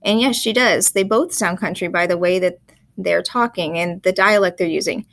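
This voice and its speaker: A woman teacher giving a recorded writing lesson, explaining in a calm, measured way. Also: lowish voice.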